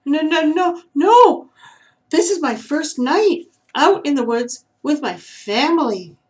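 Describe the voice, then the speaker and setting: A woman reading aloud and voicing a timid young male flying squirrel with a squeaky, excitable voice. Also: slow pace, distant mic. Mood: frightened. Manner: breathless, excited high exclamations.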